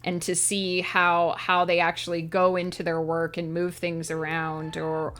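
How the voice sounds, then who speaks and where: A woman's voice: lowish voice, monotone, measured pace, fairly bright tone. A woman livestreaming as a writer, talking casually and earnestly to her chat from a home setup. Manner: earnest, reflective, talks to chat directly. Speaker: streamer and writer.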